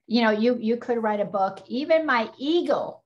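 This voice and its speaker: A woman hosting a spiritual workshop on a video call, affirming and gently teaching the person she is talking to. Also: a little high, expressive, normal speed, highs cut off.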